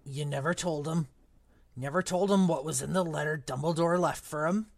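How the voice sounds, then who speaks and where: Hagrid, big rough gamekeeper, read out by a book-club reader. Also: medium pitch, normal speed, no room sound. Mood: gruff. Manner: reads dialogue aloud in a fairly plain voice. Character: big rough-spoken male half-giant gamekeeper. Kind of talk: amateur read-aloud of a novel.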